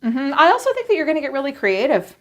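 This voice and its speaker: A woman's voice: high voice, very animated, quick pace, fairly bright tone. A woman giving a casual tarot reading, chatty and blunt, swearing freely and acting out what people think. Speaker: tarot reader.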